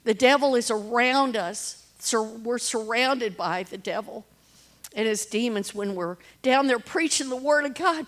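A middle-aged woman with a fairly high voice speaks earnestly about serving people on the streets. She tells stories in plain, heartfelt words and acts out the voices of the people in them. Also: unhurried. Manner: earnest, storytelling with quoted voices. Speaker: street ministry leader. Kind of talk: personal testimony talk.

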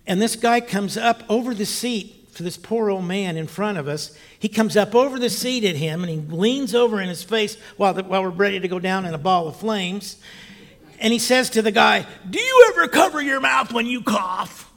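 Animated man preaching a story sermon. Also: sits high, normal speed. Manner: animated storyteller, loud bursts and soft asides.

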